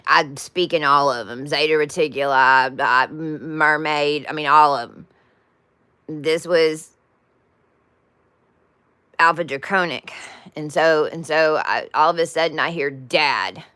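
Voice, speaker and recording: A woman's voice: low voice, a little slow, pauses often, sharp tone, clear, resonant tone, no room sound. A woman telling a spiritual story in a casual, rambling way with many restarts and asides. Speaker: spiritual vlogger.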